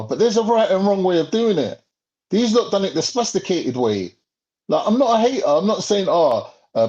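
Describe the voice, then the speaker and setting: Heated man with a lively, swooping voice. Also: a little high. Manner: heated, profane ranting. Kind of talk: casual podcast chat. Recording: slightly muffled lo-fi audio.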